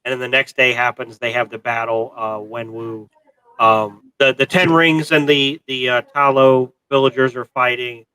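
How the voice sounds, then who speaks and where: A man's voice: mid-range voice, level tone, moderate pace, pushed and bright, clean tone, no room sound, low-quality recording. A man co-hosting a casual movie review chat, rambling with many fillers and restarts. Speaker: co-host of a pop culture show.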